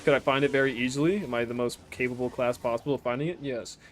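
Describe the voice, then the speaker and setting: A man chatting casually as a game streamer, rambling and swearing, often trailing off into quiet mutters as he plays. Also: mid-range voice, fairly even intonation, fast, slight background noise. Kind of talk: casual commentary while playing.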